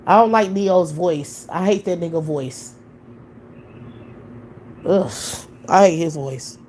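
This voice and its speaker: A woman's voice: lowish voice, normal speed, a little mellow, a little hiss or hum. A woman hosting a live stream, talking in a blunt, profane, opinionated way in casual chat.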